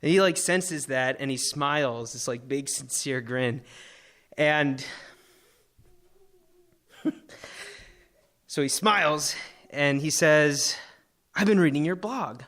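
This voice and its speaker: A young man from Florida telling an emotional personal story on stage, animated, full of likes and fillers. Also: mid-range voice, slow, long pauses. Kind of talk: live personal storytelling talk.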